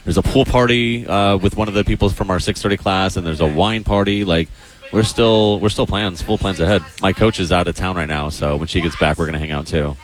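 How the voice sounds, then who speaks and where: A deep-voiced man chats casually as a co-host. He talks in an easygoing way and often restarts his sentences mid-thought. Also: steady tone, brisk. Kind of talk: casual chat.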